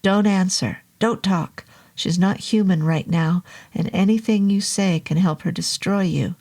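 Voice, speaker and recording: Woman doing a calm commanding medicine man, slow and low, kinda gravelly. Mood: urgent.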